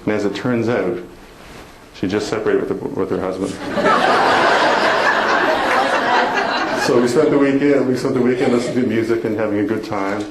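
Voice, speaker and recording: Speaking at normal speed with frequent pauses, this man has a lowish voice. He's a motivational speaker sharing a personal story before a conference hall audience, laughing and using self-deprecating humor and emotion, recorded in an echoey hall with room noise.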